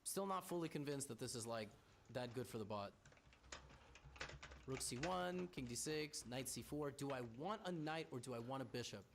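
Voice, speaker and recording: A man's voice: mid-range voice, lively intonation, moderate pace, creaky, background noise. A man playing chess and thinking his moves through aloud, with stammering restarts and wry teasing of his opponent. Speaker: chess streamer.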